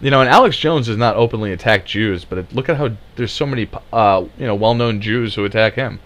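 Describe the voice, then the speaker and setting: A man's voice: on the low side, fast, fairly bright tone. A man delivering sarcastic, mocking political commentary, swearing freely as he rants.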